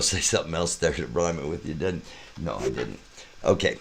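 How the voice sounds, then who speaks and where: A man's voice: animated, gravelly, fairly bright tone. A man hosting a live show, walking through an opening song and half-singing the rhyming lyrics. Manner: slow, low-key delivery breaking into sing-song rhymes. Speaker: host.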